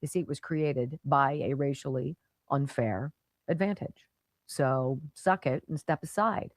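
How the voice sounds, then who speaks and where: A woman's voice: extremely low pitch, measured pace, a little mellow, no echo. A middle-aged woman hosting a talk radio show, delivering an opinionated monologue with sarcastic, punchy asides.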